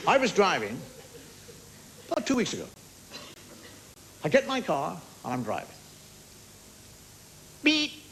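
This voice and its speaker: A man's voice: a little high, wildly swooping pitch, moderate pace, creaky, long pauses, slight background noise, poor audio. A man performing a stand-up comedy monologue as host, telling conversational stories with crude punchlines and mimicked car horns. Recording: TV studio with loud audience laughter. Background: loud studio audience laughter.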